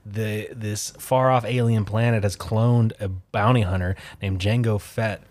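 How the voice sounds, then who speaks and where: A man's voice: fairly low pitch, fairly even intonation, measured pace, darkish tone. A man co-hosting a podcast, rambling through a plot recap in casual chat and laughing easily. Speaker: podcast co-host.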